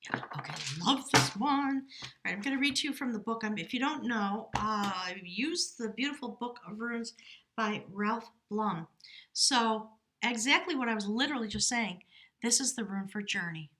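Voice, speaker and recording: A woman tarot reader giving a spiritual reading, earnest and emotive, sometimes dropping to soft whispers. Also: a little high, moderate pace.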